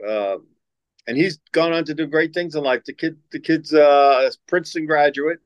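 A retired basketball coach, an older man, rambles through stories while answering interview questions, often repeating himself and voicing the quoted lines. His fairly high voice moves at a moderate pace. The recording is dry and low in quality.

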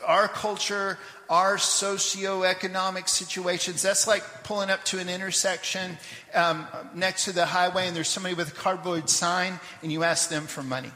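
A man preaching a sermon, telling a scripture story in a lively way with asides to the congregation; he grew up in Papua New Guinea. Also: sits high, moderate pace, reverberant, long reverb tail. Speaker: pastor. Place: church sanctuary.

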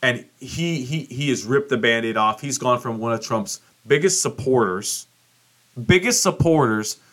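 A man's voice: medium pitch, lively intonation, a little slow, fairly bright tone. Profane ranting male podcast host. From United States. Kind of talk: casual political commentary.

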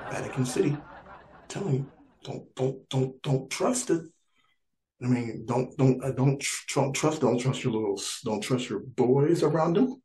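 A man's voice: medium pitch, lively intonation, normal speed. A man doing a stand-up comedy monologue, rambling and repeating himself, stammering through restarts and chuckling as he talks. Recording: echoey room, faint noise.

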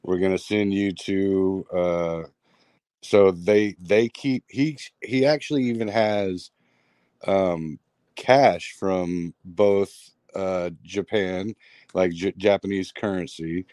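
A man's voice: sits low, slow pace, no echo. A man telling a strange story in a rambling, casual way, full of fillers and restarts. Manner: rambling, filler-heavy, animated retelling. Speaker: guest storyteller.

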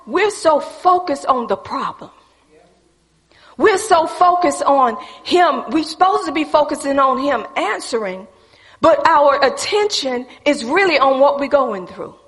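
A woman preacher delivering a sermon in a church, emphatic and folksy, swinging between loud preaching and a hushed near-whisper, calling the congregation y'all. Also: sits high, expressive, a little slow. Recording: reverberant church hall.

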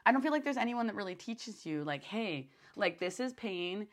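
A young woman talks at a normal speed and medium pitch on her own podcast, drifting through a loose, rambling monologue full of fillers and restarts. She gets animated when recounting her own thoughts.

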